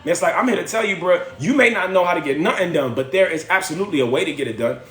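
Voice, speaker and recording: Hosting a livestream from home, a man talks rapid-fire in a high, animated voice with a fairly bright, reverberant tone. His motivational talk is slangy and preachy, repeating phrases for effect.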